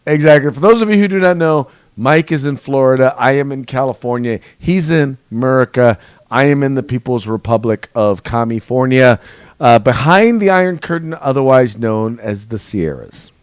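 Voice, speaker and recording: A man's voice: mid-range voice, moderate pace, clean tone, no room sound. A man hosting a casual political podcast from his studio, mixing sarcastic jokes with news commentary. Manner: jokey, sarcastic asides. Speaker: host. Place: home studio.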